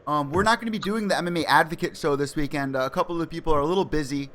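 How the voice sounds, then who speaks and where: Excitable American male host, casual sports chat, slightly high voice. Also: racing. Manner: eager, excitable. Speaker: podcast host.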